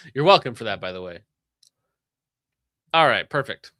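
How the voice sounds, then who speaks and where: A man hosting a casual livestream, reading donations with sarcastic jokes and quick asides. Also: medium pitch, very animated, bright, forceful tone, no echo, clean studio sound.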